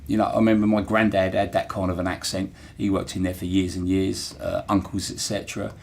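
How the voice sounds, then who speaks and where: A man's voice: deep voice, little pitch movement, a little fast, creaky. A middle-aged man with a Portsmouth accent, talking earnestly and reflectively in an interview, with frequent fillers and restarts. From Portsmouth, England. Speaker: interviewee, former dockyard worker. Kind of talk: casual interview talk.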